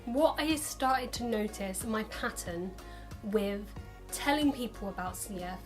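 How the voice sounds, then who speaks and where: A young adult woman vlogging casually to camera in a chatty, upbeat way, acting out the lines of other people now and then. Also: on the high side.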